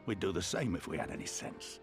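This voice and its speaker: A gruff older resistance leader in a game cutscene, speaking in a low, hearty, reassuring tone. Faint music plays under him. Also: male voice, expressive, brisk.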